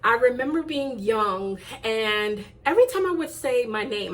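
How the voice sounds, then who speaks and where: A woman's voice: a little high, lively intonation, a little slow, few pauses. A woman hosting her own channel, chatting to camera in a casual vlog, gushing and effusive with thanks and often repeating herself. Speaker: YouTube channel host.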